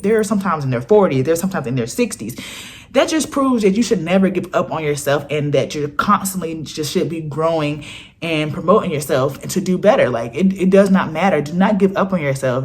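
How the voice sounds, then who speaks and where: A woman's voice: lowish voice, a little mellow. Girl in her twenties vlogging, earnest pep talk, super emphatic, keeps quoting made up people. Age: 20s. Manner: earnest, emphatic, often quotes imagined people. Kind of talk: casual motivational talk to camera.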